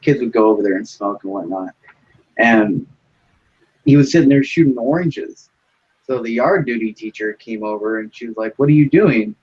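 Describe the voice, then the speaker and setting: A man's voice: fairly low pitch, moderate pace, husky, dull audio. A young man rambling through a story in casual chat, full of fillers and swearing.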